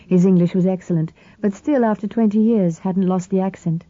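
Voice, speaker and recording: A woman reads a novel aloud in the first person, her voice low and deeply mellow. Her delivery is even and measured. The recording is dry and slightly dull, with a lo-fi edge. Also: no echo. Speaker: audiobook narrator. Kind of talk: scripted first-person narration.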